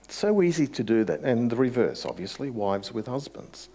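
A man's voice: mid-range voice, very animated, normal speed, dark tone. A man preaching a sermon as pastor, conversational, with rhetorical questions and rising emphasis.

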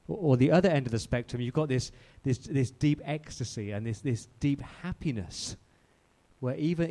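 A man's voice: medium pitch, warm tone. A man preaching a sermon in a church, who speaks conversationally and often repeats and restarts his words. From outside Australia.

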